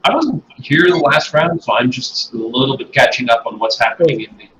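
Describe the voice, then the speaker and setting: Soft-spoken man on a distant mic. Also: mid-range voice, animated, a little fast, echoey room, noisy background. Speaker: player. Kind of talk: casual tabletop game chat.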